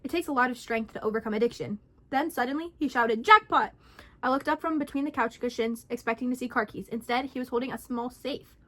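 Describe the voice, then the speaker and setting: A young woman vlogger reading a scary story aloud in an animated, dramatic way. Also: on the high side, fast talker.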